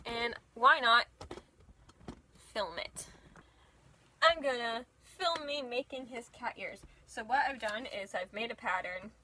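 A woman's voice: fairly high pitch, pushed and bright. Young woman vlogging her sewing at home, chatty and giggly, faint room hum behind. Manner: chatty, giggly, self-deprecating. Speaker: cosplayer. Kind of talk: casual vlog narration while crafting.

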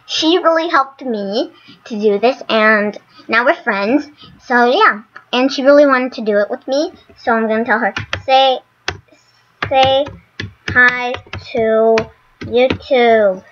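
A woman casually commenting on her gameplay, excitable and gushing. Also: a little high, moderate pace, muffled recording. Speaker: gaming channel host.

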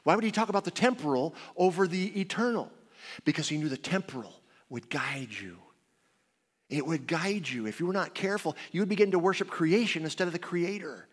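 A man preaching as a guest speaker in a church, a lively storyteller whose voice rises high and drops low. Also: fairly quick, husky. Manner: animated storytelling with big swings in pitch and volume. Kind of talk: sermon. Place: church sanctuary. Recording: long church reverb.

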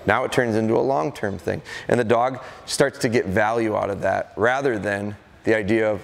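A man's voice: on the low side, moderate pace, vocal fry. A middle-aged man, a dog trainer, leads a live seminar, telling stories and acting out what dogs and their owners say. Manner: anecdotal, acts out dogs and owners. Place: event hall at a deer festival. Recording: long reverb of a large hall.

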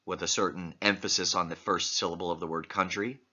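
A man's voice: low-pitched, steady tone, fairly quick, bright, forceful tone, breathy edge. Questioning male literature lecturer, lo-fi. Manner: asks many questions, reads passages aloud. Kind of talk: close-reading lecture. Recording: muffled lo-fi recording.

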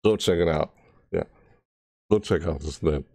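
A man's voice: very deep voice, moderate pace, warm tone, no echo. A man casually reacting to a game trailer, rambling and correcting himself as he goes. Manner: rambling, self-correcting, breaks into shrieked character impressions. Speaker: gaming video creator.

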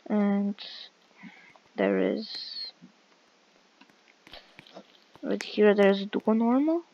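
A woman's voice: medium pitch, gravelly, a little mellow, muffled recording, slight background noise. A woman giving casual, hesitant gameplay commentary with many fillers while walking through a game. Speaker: game walkthrough creator.

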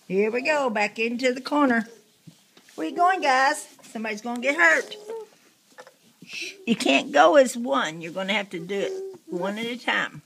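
A woman's voice: fairly high pitch, lively intonation, moderate pace, creaky, long pauses, fairly bright tone, slight background noise. An older woman, a grandmother, talking to small children at home in a sing-song baby-talk voice, cheering and coaxing them. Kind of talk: home video, talking to little kids.

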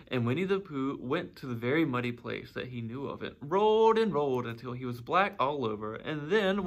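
A man reading a children's storybook aloud in an expressive, gently animated way. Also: mid-range voice.

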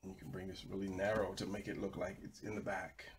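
A man narrating a drawing tutorial while he sketches, low-key and sleepy from an early start. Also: flat delivery, fast, a little hiss or hum. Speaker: drawing instructor.

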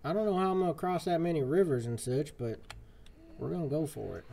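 Putting on a fake folksy cowboy voice for laughs, a young streamer talks through the game he's playing live. His fairly high voice is brisk and lively in intonation, dark in tone with vocal fry, and game music runs beneath it.

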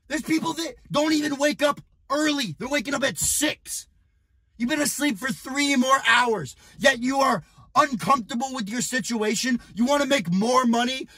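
A young man coaching in an aggressive, profane motivational rant, often shouting at the viewer. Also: high-pitched, creaky, husky, dry recording. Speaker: business and fitness coach.

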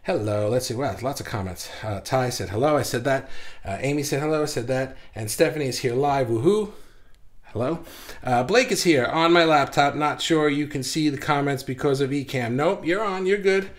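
A man hosting a casual livestream, talking fast and excitedly with lots of fillers and restarts, a bit out of breath. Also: mid-range voice. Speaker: livestream host.

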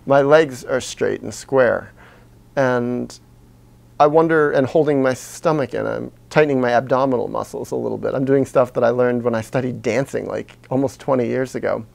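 A man talking slowly and haltingly to his camera, deliberately pitching his voice low from the chest while he reflects out loud. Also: gravelly. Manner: slow, halting and self-searching, deliberately speaking low from the chest. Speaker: video blogger. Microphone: camera he is sitting in front of.

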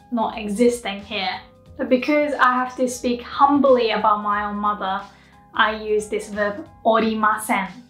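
A woman's voice: a little high, a bit bright. Japanese woman teaching, roomy echo. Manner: slow, careful modeling of phrases. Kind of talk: explanatory language lesson. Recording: echoey room with faint music.

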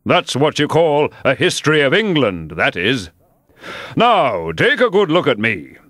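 A man's voice: mid-range voice, huge pitch swings, fairly bright tone, dry recording, studio quality, voice pushed up, heavily acted. A man reading a storybook aloud and putting on a pompous, touchy egg-man who talks grandly. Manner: pompous, grand, quick to take offence.

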